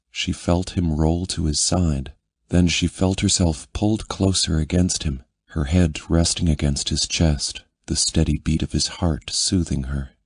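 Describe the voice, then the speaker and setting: A man narrating a romance audiobook in a measured, intimate reading. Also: rumbling low, breathy edge, dry recording, clean studio sound.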